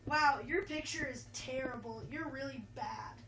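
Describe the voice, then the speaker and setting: A woman's voice: high voice, a little slow, fairly bright tone. Mean little storybook girl, snippy, a woman doing her, roomy noisy take. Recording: roomy, distant, noisy mic.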